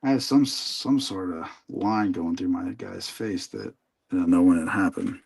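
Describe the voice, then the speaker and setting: A man's voice: deep voice, moderate pace, vocal fry, darkish tone, a little hiss or hum. Man talking through his sculpting work. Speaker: livestream host sculpting. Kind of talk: casual chat narrating his work.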